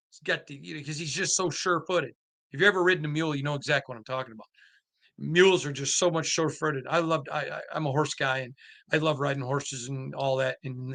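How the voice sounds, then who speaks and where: A man's voice: fairly high pitch, pushed and bright. A man hosting a sports podcast, talking emphatically and animatedly with lots of restarts and asides. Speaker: podcast host. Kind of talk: casual sports commentary.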